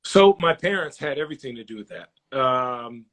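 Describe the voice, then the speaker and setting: A man's voice: medium pitch, normal speed. A man in his forties, a former basketball player, telling stories in a casual interview and acting out the people he quotes. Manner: animated storyteller, acts out quoted voices.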